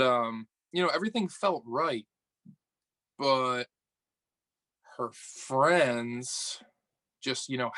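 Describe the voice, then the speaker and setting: Here a young upstate New York man, appearing as a podcast guest, relays a dating story in casual chat, full of energy and profanity as he acts out the conversation. His pitch is medium and the recording is dry.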